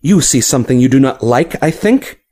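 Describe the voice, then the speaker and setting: A man voicing a proud, touchy woman army officer who speaks slowly and haughtily, in a fantasy audiobook. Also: mid-range voice, lively intonation, mellow, lightly acted. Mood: scornful.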